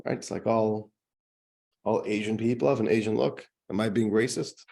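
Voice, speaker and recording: A man, a rabbi, giving a casual lecture to a class, chatty and joking, his pitch jumping up to stress points. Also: steady tone, moderate pace, creaky, darkish tone. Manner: chatty, jokey, pitch jumps up for emphasis.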